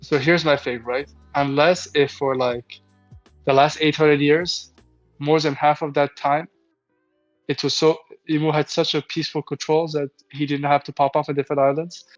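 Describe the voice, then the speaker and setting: A man's voice: a little high, flat delivery, moderate pace, lo-fi sound, soft background music. A man co-hosting a casual fan chat, stammering and saying like and dude as he works through a theory. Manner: stammers as he builds a theory, says like and dude a lot.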